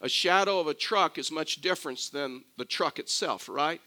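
An older man preaching a sermon, mixing scripture with a lively family story and conversational asides. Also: a little high, moderate pace. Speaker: pastor.

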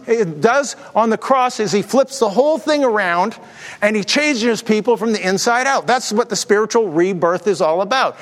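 Animated high-voiced pastor in reverberant hall. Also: male voice. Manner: animated, jokey asides, acts out voices in stories. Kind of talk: sermon with storytelling and jokes.

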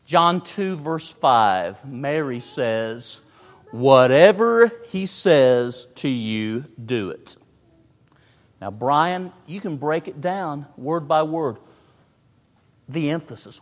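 A man's voice: on the high side, lively intonation, takes it slowly. A man preaching a sermon, emphatic, repeating phrases and stressing words in turn. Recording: long hall reverb.

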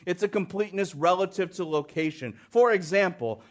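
High-voiced man preaching with emphatic repetition. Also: animated, brisk. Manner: emphatic, repeats key phrases for stress. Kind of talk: sermon.

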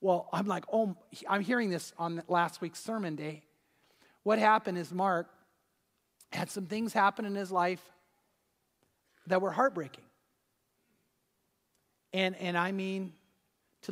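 A man preaching a sermon, telling a story and swinging between loud and hushed delivery. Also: sits high, long reverb tail. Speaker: pastor. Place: church hall.

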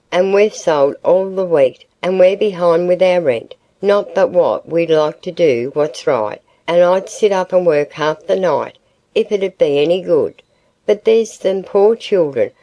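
A woman's voice: fairly low pitch, warm tone, rough recording. A woman voicing a tearful, pleading farmer's wife.

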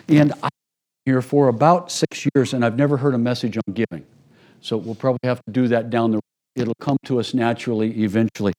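With a brisk, mid-range voice and a dark tone, this middle-aged pastor delivers a conversational sermon to his congregation. He acts out little everyday scenes to drive his points home.

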